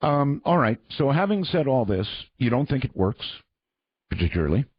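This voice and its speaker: Husky-voiced male radio host. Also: mid-range voice, sing-song, normal speed, dry recording, highs cut off. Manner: pressing, prodding questions. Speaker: radio talk show host. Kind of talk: call-in radio interview.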